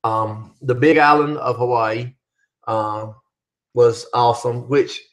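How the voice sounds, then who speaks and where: A man's voice: mid-range voice, fairly even intonation, slow. A middle-aged man hosting a casual live chat, reading out viewer questions and answering them. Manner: reads viewer questions aloud, chatty.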